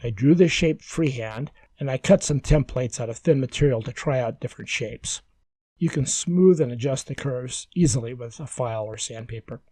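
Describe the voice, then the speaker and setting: A man giving calm, measured, step-by-step woodworking instructions as a scripted voice-over. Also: mid-range voice, breathy edge, no echo.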